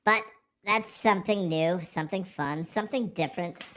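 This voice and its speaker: A man's voice: high-pitched, moderate pace, sharp tone, a little hiss or hum. A man hosting a casual livestream, joking, rambling and swearing freely as he reads the chat. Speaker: livestream host.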